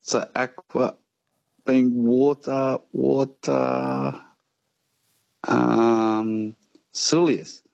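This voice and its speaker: A man calling a radio quiz, slow and unsure as he thinks aloud. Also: medium pitch, creaky, darkish tone, no room sound, highs cut off. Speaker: radio caller.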